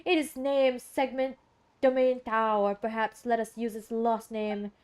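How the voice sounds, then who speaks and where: A woman voicing an ancient cosmic watcher, reading game lines in a grand, slow, formal manner. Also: fairly high pitch, little pitch movement, a little mellow, clean tone, natural voice. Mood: solemn. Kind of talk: reading game dialogue aloud.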